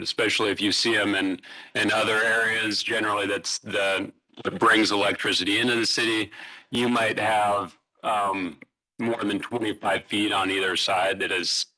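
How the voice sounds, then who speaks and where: Bright-toned man explaining utility tree trimming. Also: lowish voice, poor audio. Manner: halting, fillers and restarts, explanatory. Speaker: utility presenter. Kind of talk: public meeting presentation. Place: city hall meeting room.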